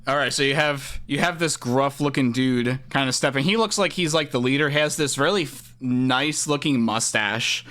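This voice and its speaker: A man's voice: mid-range voice, normal speed, hardly any pauses, sharp tone. A man running a tabletop game as game master, describing scenes with many fillers and restarts.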